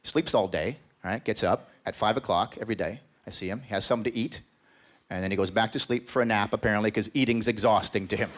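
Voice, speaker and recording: A man's voice: lowish voice, fast talker. A man doing a stand-up comedy set, telling crude rambling stories and talking to the crowd. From Canada. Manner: rambling storyteller, crude jokes, talks to the crowd. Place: comedy club stage with live audience.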